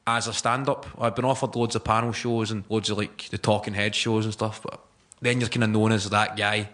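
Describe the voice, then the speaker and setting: A man's voice: fairly low pitch, level tone, brisk, a bit bright. A Scottish man, a stand-up comedian, chatting and joking in an interview. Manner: chatty, joking, laughs often. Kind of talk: casual interview chat. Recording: noisy recording with clicks.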